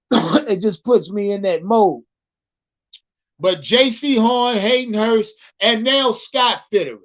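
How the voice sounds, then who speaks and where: A livestream sports commentator chats casually with viewers about football, rambling, profane, repeating himself, and calling out the chat. His high-pitched voice is fairly bright and slow-paced with frequent pauses, and the highs are cut off.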